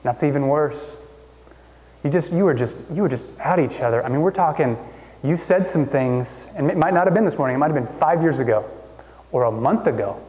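A man in his thirties preaching a sermon in a church, conversational and animated, jumping up in pitch to make a point. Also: fairly quick. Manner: conversational, animated storytelling with sudden pitch jumps. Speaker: pastor. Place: church hall. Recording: long hall reverb.

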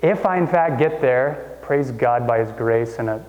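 A man's voice: a little slow, highs cut off. Man preaching in a reverberant church. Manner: conversational, animated storytelling with sudden pitch jumps. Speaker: pastor. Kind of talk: sermon. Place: church hall. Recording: long hall reverb.

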